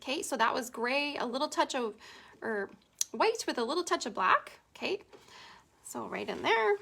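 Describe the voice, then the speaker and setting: A woman's voice: sits high, expressive, normal speed, vocal fry, a bit bright, husky. A middle-aged Canadian woman chatting with viewers as she teaches a painting tutorial, giggling often. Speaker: painting instructor. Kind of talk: casual live painting tutorial.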